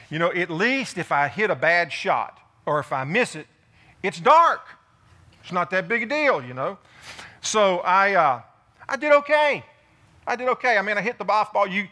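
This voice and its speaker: A male pastor delivering a sermon in a high, bright voice. He tells stories with animated delivery, acting out the dialogue and the people he describes. The tone is lively and conversational from the pulpit. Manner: storytelling, animated, acts out dialogue with his voice. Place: church sanctuary.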